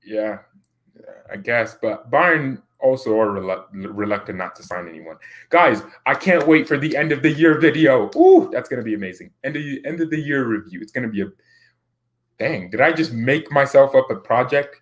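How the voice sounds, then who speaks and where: A man at a middle pitch, chatting loosely as he answers viewer comments on his football channel. He rambles, stumbles over restarts and breaks into laughter often. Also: lively intonation, normal speed. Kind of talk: casual chat reading viewer comments.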